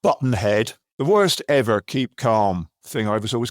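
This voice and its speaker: A man's voice: mid-range voice, expressive, normal speed, no echo. Sardonic man from Southwest England. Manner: dry, sweary, sardonic. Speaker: podcast co-host. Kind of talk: comedy podcast chat.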